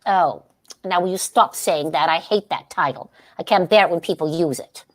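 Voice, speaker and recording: A woman's voice: on the low side, moderate pace, close to an everyday voice. A woman giving a staged play reading as a scatterbrained, grandly theatrical aging stage actress who giggles often.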